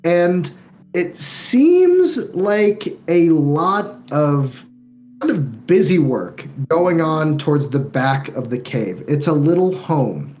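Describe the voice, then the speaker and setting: A man's voice: a little high, very animated, slow pace, darkish tone, muffled recording, faint music behind. A man working as game master, narrating a tabletop game in a loose, descriptive way with lots of fillers.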